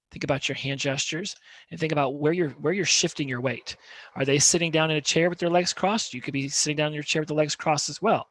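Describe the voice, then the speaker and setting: A man gives a conversational lesson on communication, checking in with the listener now and then. His voice sits in an ordinary middle pitch. It is recorded close up, with a dry, dead sound. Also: fairly bright tone, no echo. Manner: conversational, peppers points with "right?". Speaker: communication coach. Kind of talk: instructional talk to camera.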